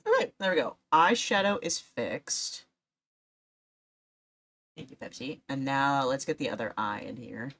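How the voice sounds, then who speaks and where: Giggly low-voiced woman streamer. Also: very animated, measured pace, long pauses, a bit bright. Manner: giggly, laughs often while storytelling. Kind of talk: casual stream chat.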